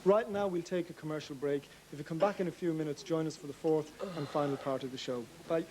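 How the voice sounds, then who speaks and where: A man hosting a live TV studio interview, brisk and prompting, often dropping in short agreements. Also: on the high side, over music. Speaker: TV talk show host. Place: TV studio with an audience.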